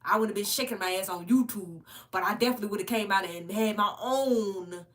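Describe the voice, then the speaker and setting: A woman's voice: mid-range voice, fairly quick. A woman giving casual ranting commentary as a vlogger, blunt and profane, laughing between points as she tells stories. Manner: blunt, profane, animated storytelling.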